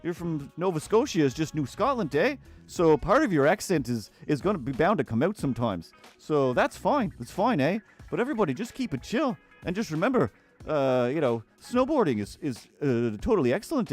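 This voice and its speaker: A man's voice: a little high, very animated, moderate pace, faint music behind. A man doing a cheery, laid-back Canadian guy with a sing-song Canadian accent who keeps adding eh. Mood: breezy. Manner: sing-song, tags lines with eh. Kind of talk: live-stream banter.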